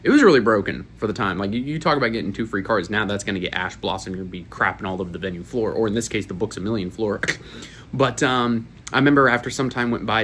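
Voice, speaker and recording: Young guy in his twenties, lowish voice, rambling and profane storyteller, faint room noise behind. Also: a bit bright. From Florida, USA. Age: 20s. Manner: profane, rambling, laughs at own stories. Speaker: YouTuber. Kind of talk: casual storytelling to camera.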